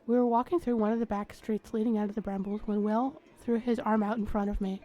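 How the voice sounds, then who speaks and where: A woman's voice: medium pitch, quick pace, soft background music. Woman host narrating a story game. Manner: steady first-person narration. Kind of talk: reading a story game aloud.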